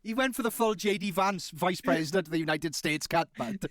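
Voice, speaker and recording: A man with a bright, forceful voice, a touch higher than most, ribbing his mates. The sound is dry and close to the mic. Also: no room sound. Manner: teasing, quick jokes, laughs a lot. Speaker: podcast co-host. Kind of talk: casual banter.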